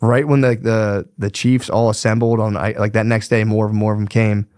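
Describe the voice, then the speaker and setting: Young male podcaster, low voice, dry close mic, slangy and swearing storyteller. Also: little pitch movement, moderate pace, a little mellow, dry recording. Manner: profane, slangy, rambling with fillers. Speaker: podcast host. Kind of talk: casual history storytelling.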